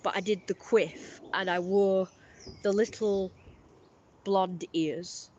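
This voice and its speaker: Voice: medium pitch, steady tone, slow pace, darkish tone, dull audio, a little hiss or hum. A streamer, rambling through a casual live-stream story with lots of fillers.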